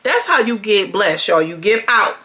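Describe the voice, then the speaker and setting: A woman's voice: mid-range voice, very animated, normal speed, bright, forceful tone. A woman chatting loosely through a reality TV recap in a mid-range voice, calling out to her viewers with slang. Her delivery is casual and conversational, like someone telling friends what happened on the latest episode. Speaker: reality TV reviewer.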